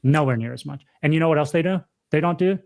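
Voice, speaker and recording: A man's voice: on the high side, fast, gravelly, darkish tone. A young man co-hosting a podcast in casual chat, talking emphatically, repeating himself and calling his friend dude and bro. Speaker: podcast co-host.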